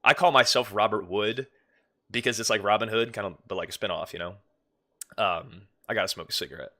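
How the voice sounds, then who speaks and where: A man's voice: lowish voice, fairly quick, pushed and bright. A young man chatting casually on a livestream, rambling and swearing now and then. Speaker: streamer.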